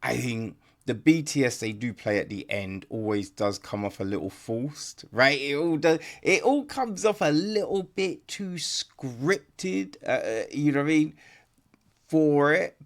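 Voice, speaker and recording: A man's voice: medium pitch, animated, measured pace. A man giving a casual, rambling film review on a podcast, blunt and swearing, tagging his points with "right?". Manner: rambling, blunt, swears, many tag questions.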